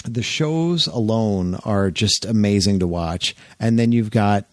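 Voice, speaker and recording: A man hosting a podcast, chatting casually and retelling an anecdote with lively jumps into quoted voices. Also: measured pace, dry recording. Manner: animated storyteller, jumps up in pitch for quoted voices. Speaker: podcast host.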